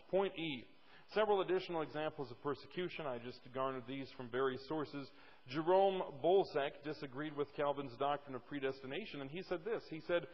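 A man's voice: fairly high pitch, in a large hall, muffled recording. A male pastor preaching a sermon emphatically, repeating words for stress, at a church pulpit mic.

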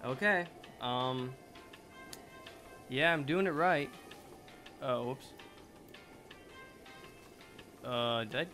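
A man giving casual gameplay commentary, excitable, swearing playfully and talking to the game. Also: medium pitch, slow pace, faint music behind. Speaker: let's play gamer.

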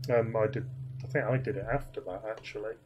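A man's voice: on the low side, steady tone, brisk, darkish tone, highs cut off, slight background noise. A man casually telling a rambling, self-deprecating anecdote, full of fillers and restarts. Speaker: flight sim streamer.

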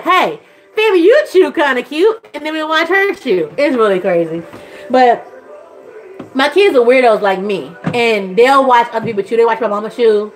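A woman, chatting casually to camera as a vlogger and mother, rambling and gushing. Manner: rambling and gushing, swings into high excited voices.

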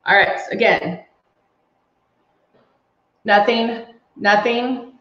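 A woman's voice: a little high, very slow. A woman doing a casual live makeup tutorial, chatting through each step and reading comments from viewers. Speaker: makeup demonstrator on a livestream. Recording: echoey room, slightly dull sound.

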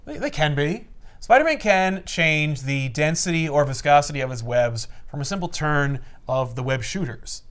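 A man casually recapping a comic book with friends, acting out the characters in quick voices. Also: fairly high pitch, animated, fairly bright tone, clean tone. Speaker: comic podcast co-host.

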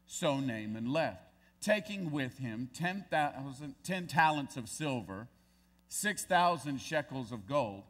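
A man's voice: mid-range voice, lively intonation, slow, fairly bright tone. A male pastor preaching a sermon, reading scripture aloud and then pressing his points with growing emphasis. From United States.

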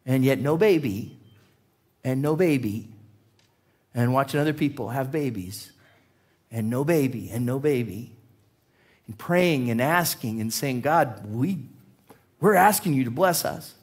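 A man preaching a sermon as a pastor, telling a personal story in an animated way, his voice climbing as the tale builds. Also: mid-range voice, a little slow, pauses often. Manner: animated storyteller, voice rising with excitement. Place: church.

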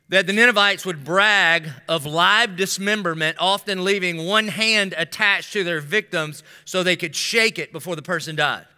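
A middle-aged pastor's voice sits high, sharp and clean, carried by the long reverb of a large sanctuary. During his sermon he tells stories and tosses humorous asides to the congregation.

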